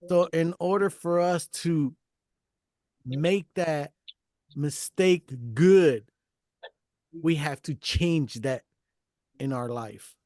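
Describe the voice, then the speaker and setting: A man's voice: a little high, extremely slow, pauses often, a little mellow, no echo, clean studio sound. A man hosting a casual heart-to-heart talk, earnest and encouraging, often repeating his phrases. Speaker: podcast host.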